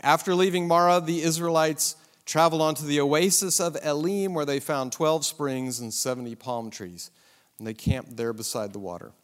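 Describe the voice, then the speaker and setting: A man's voice: a little high, fairly even intonation, moderate pace. Man, Bible survey lesson, rhetorical questions, asides, echoey hall. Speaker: Bible teacher.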